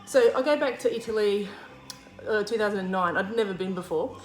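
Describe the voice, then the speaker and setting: A woman's voice: mid-range voice, brisk. Australian woman, cooking host, chatty storyteller, roomy kitchen sound with faint music. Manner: chatty, lots of fillers, acts out quoted lines. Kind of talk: casual storytelling while cooking.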